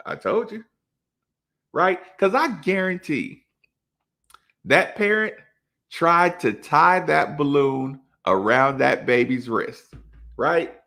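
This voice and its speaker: Animated gravelly man telling a story. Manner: animated storytelling, acts out quotes with big pitch jumps and laughs. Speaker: podcast host. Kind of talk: casual chat.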